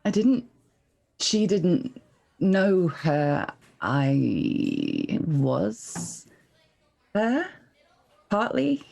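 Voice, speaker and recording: A woman voicing a coy, playful female shadow being in a tabletop game, talking in a slow, musing way. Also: lowish voice, huge pitch swings, vocal fry, a little mellow, full character voice.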